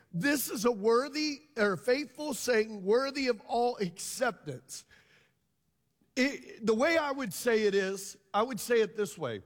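A man's voice: very high voice, in a large hall. A pastor preaching a sermon to his congregation, emphatic and drawing them into call and response. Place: church hall.

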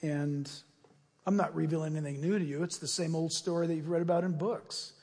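A male pastor delivering a sermon and then a fervent, loud closing prayer. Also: a little high, steady tone, brisk, long reverb tail.

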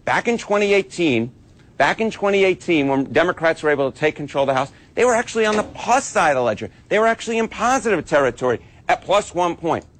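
A man explains poll numbers on television with a fairly high, animated voice. He is emphatic and leans on repeated words to drive his points home. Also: quick pace. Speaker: political data analyst. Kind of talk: on-air explanation.

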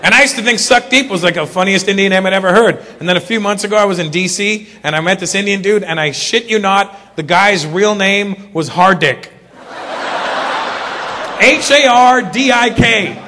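A man performing a stand-up comedy routine, telling stories with lively delivery and acted-out voices. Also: high-pitched, fairly quick, hardly any pauses, in a large hall, background noise. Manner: animated storytelling, acts out silly voices.

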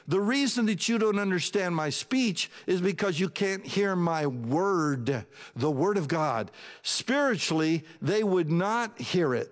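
Preaching man in a reverberant hall. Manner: expressive preaching, drops low for asides and rises for scripture. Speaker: pastor. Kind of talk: sermon.

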